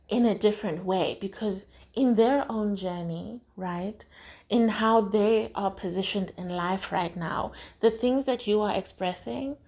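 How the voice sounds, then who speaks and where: A woman's voice: medium pitch, darkish tone. A woman from South Africa hosting a podcast, talking frankly in a casual motivational monologue, with lots of swearing and "right?" tags. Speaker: podcast host.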